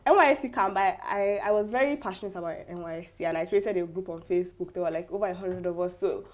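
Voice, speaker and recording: A young woman with a Nigerian English accent, telling a story in a casual interview, lively and laughing, acting out quoted voices. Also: on the low side, quick pace. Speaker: guest.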